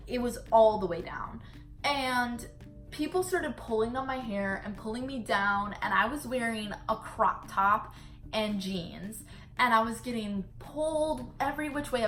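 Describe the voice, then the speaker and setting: A young woman vlogging, her slightly high voice bright and sharp. She chats through the story in an animated way, scattering "like" everywhere, with faint music in the background. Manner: chatty, animated retelling full of "like" fillers. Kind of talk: casual storytelling vlog.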